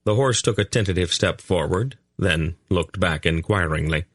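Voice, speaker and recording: Deep-voiced male audiobook narrator. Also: normal speed, husky, no room sound, clean studio sound. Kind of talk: scripted narration.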